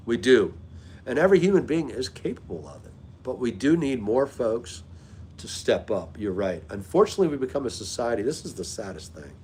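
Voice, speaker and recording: A man's voice: medium pitch, very animated, fairly quick, darkish tone, a little hiss or hum. A man hosting a live stream, chatting casually and greeting viewers by name as he talks. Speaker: livestream host.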